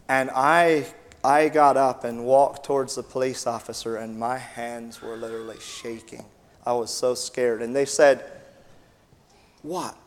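American man telling his story in a hall. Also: mid-range voice. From United States. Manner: vivid storytelling with sound effects and acted-out dialogue. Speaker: missionary. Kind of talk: personal testimony talk. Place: church gathering, Sunday evening. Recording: long reverb in a large hall.

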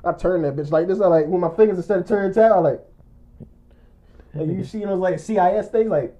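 A man telling a rambling, animated story in casual chat, acting out quotes and often laughing. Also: sits high, fairly quick, lo-fi sound.

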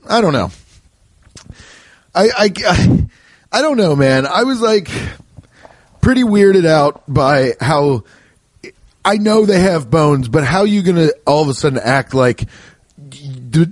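A young man rambles through his solo podcast with loose, profane humor and quick quoted voices. His pitch leaps and dips expressively as he goes. The sound is close and dry, with no room around it. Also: lively intonation, dry recording. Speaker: podcast host. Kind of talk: casual rambling monologue.

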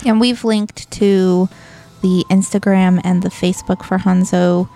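A woman's voice: lowish voice, fairly even intonation, measured pace, creaky, dark tone. A woman co-hosting a podcast, chatting in an upbeat, easygoing way. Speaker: podcast co-host. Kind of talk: casual podcast chat.

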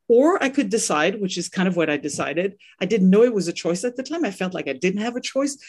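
A middle-aged woman from France with a French accent, a parenting coach speaking as a podcast guest. She talks earnestly and often repeats words while finding her thought. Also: mid-range voice. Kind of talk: podcast interview.

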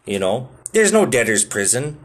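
A man's voice: mid-range voice, big pitch swings, normal speed. A man in his thirties telling stories in a casual, rambling monologue, full of swearing and filler words. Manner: laid-back, swears a lot, lots of filler words.

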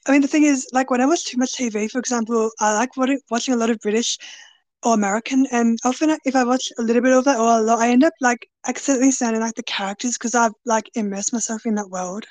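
A woman's voice: on the high side, fairly even intonation, quick pace, a little mellow, no room sound. A woman hosting a podcast in casual chat, hesitant and searching for her words as she asks curious questions. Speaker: podcast host.

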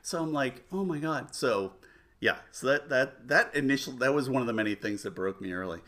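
A man's voice: mid-range voice, fairly quick, pushed and bright. A man in his forties telling a rambling family story in casual chat, full of restarts and self-mocking humor. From United States.

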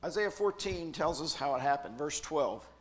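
A man speaking at a youth retreat, preaching a jokey, animated sermon with big swings in loudness. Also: fairly high pitch, normal speed.

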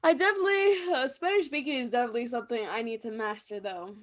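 A young woman co-hosting a podcast, chatting casually and telling animated stories with laughter. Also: a little high, fast talker, no room sound. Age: young adult. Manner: animated storytelling, acts out voices, laughs often. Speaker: podcast co-host. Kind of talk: casual chat.

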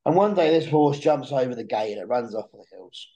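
A man's voice: medium pitch, brisk, poor audio. A young man telling a long story in a casual chat, restarting and repeating words as he goes. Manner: animated storyteller who repeats words when starting sentences. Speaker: podcast guest.

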